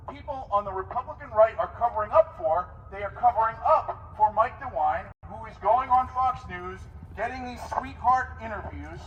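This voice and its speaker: A man's voice: extremely high pitch, fairly bright tone. A man giving an impassioned outdoor protest speech, firing rhetorical questions at the crowd, heard from a distance with faint outdoor noise. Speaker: protest speaker.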